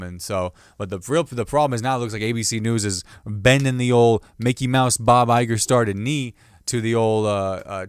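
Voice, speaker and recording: A male comedian hosting a solo podcast, riffing on the news in a loose, joking way and dropping into playful voices when he quotes people. His voice is smooth and resonant. The sound is dry and close, with no room around it. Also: on the low side, no room sound.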